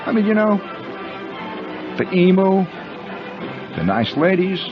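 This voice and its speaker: Radio host, male, lively storyteller, muffled vintage broadcast, faint music underneath. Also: high voice, slow, a crowd in the background. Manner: rambling, conversational, addresses listeners as friends. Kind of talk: storytelling monologue.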